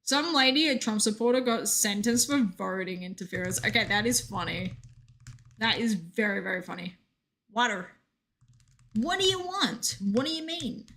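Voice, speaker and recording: A woman's voice: medium pitch, lively intonation, normal speed, a bit bright. A young woman streaming a game, chatting casually and reading out chat with joking asides.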